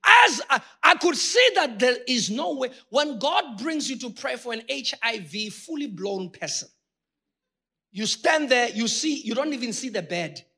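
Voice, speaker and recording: A man preaching a sermon with passion, talking straight to his congregation and rising to shouted peaks. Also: extremely high pitch, very animated, a little slow, gravelly, husky. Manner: addresses the congregation directly.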